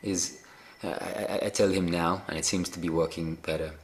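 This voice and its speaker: A man with a very deep voice gives a reflective spiritual talk over a live video call. He speaks gently and unhurriedly, pausing often with fillers and restarts, with a faint hum of ambient noise behind him. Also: fairly even intonation. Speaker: spiritual teacher.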